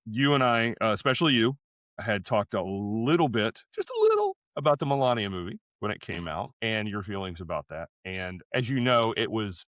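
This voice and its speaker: A man co-hosting a casual podcast, telling stories in an animated way, often stumbling over and repeating his words. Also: lowish voice, moderate pace, no room sound, studio quality. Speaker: podcast co-host. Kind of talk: casual conversational podcast chat.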